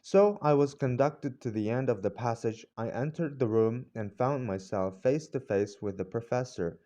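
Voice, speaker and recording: A man narrating a classic novel as an audiobook in measured storytelling. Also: medium pitch, mellow. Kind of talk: scripted narration.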